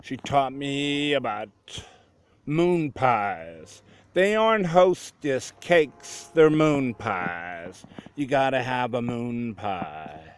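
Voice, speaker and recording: A middle-aged man recounts a memory from his own life at a very unhurried pace. His voice sits in an ordinary male pitch, and he pauses and circles back as he thinks. The telling feels plain and conversational. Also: sing-song, smooth. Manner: slow, reflective and conversational. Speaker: storyteller. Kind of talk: personal story narration.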